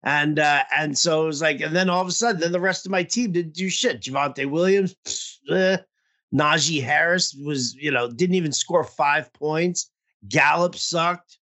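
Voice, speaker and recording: A man with a bright, fairly high voice, chatting casually on a podcast. He rambles through a profane story with lots of restarts and fillers. He sounds worn down by a throbbing toothache. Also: moderate pace. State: toothache pain. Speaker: podcast co-host. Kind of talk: casual fantasy football chat.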